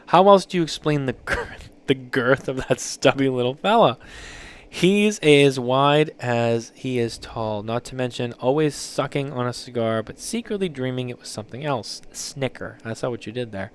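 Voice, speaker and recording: A man's voice: mid-range voice, moderate pace. Casual joking man reading submissions. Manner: loose, joking, swears freely, reads out and reacts. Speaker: podcast host. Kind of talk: casual chat, reading listener submissions aloud.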